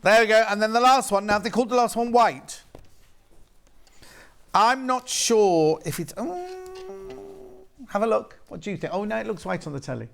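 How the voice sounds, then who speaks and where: A man's voice: high-pitched, very animated, moderate pace, gravelly, long pauses. A man presenting on a TV shopping channel, chatty and jokey, bantering and repeating prices. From West Midlands, England. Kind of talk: live shopping TV sales patter. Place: TV studio.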